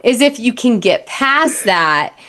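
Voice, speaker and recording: A woman's voice: a little high, very animated, slow, a bit bright. A young adult woman, a relationship coach, talking bluntly and animatedly in a candid podcast conversation, slipping into acted-out voices.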